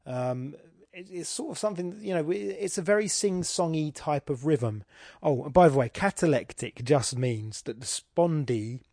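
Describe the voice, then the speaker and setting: A man's voice: on the high side, expressive, normal speed, warm tone, no echo, clean studio sound. A man hosting a podcast, analysing a poem in a rambling, self-deprecating casual way, with many restarts. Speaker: podcast host.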